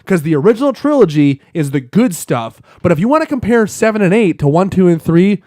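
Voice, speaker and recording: Young male co-host, casual and profane, gets heated fast; slightly high voice, dead-dry close recording. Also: very animated, no room sound. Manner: profane, worked-up rants that rise to shouting. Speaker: podcast co-host. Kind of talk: casual chat.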